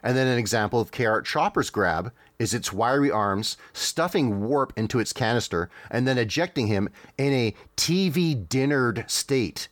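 A man's voice: medium pitch, lively intonation, normal speed, few pauses, dry recording. A man in casual podcast chat, narrating what he sees on screen with wry amusement and the odd hesitant filler. His voice sits in a middling register and sounds dry and close, with almost no room behind it. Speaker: podcast co-host. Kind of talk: casual chat, describing a game trailer.

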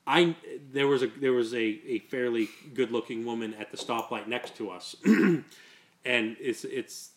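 A man's voice: mid-range voice, steady tone, unhurried. A man hosting a podcast, telling a long story in casual chat, repeating words and laughing as he goes. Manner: rambling, repeats words, laughs through stories. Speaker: podcast host.

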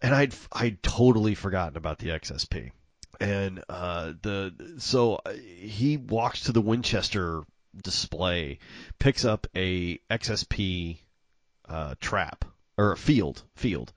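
Animated man telling a casual story. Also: sits low, takes it slowly, no room sound. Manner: animated, self-amused, acts out dialogue.

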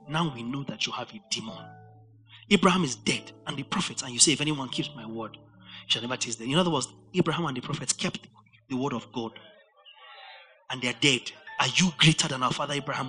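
A man preaching a verse-by-verse Bible study sermon, animated and rising to near-shouts for emphasis. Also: mid-range voice, a little fast, soft background music.

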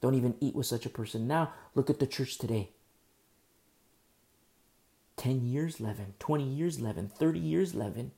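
A man's voice: medium pitch, normal speed, creaky, pauses often, warm tone. A man preaching a sermon as pastor, building through emphatic rhetorical questions.

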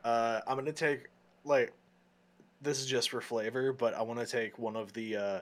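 A man's voice: mid-range voice, steady tone, moderate pace. A man playing in a tabletop role-playing game, talking casually and rambling with fillers. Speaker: player.

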